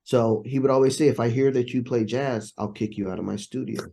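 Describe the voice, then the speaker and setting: A man's voice: medium pitch, steady tone, fairly quick, gravelly, mellow. A man, a trumpet player and interview guest, telling stories in casual conversation and acting out the voices of people he quotes.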